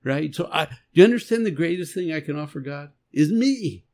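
A man's voice: a little high, animated, a little fast, darkish tone. A man co-hosting a faith podcast, talking earnestly and emphatically in a casual conversation. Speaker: podcast co-host.

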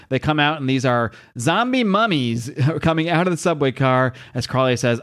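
A man's voice: medium pitch, a little fast. A man hosting a casual podcast, chattily recapping a comic book with asides. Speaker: podcast host.

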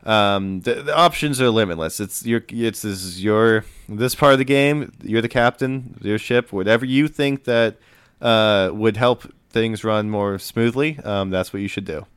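Relaxed man running a tabletop game. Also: on the low side, moderate pace, clear, resonant tone, no room sound. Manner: relaxed, lots of uh and um fillers. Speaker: game master.

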